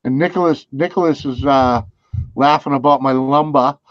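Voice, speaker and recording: A man hosting a stream in casual chat, halting and easygoing, laughing often. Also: medium pitch, dry recording. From New England, US. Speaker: live stream host. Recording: dull, lo-fi stream audio.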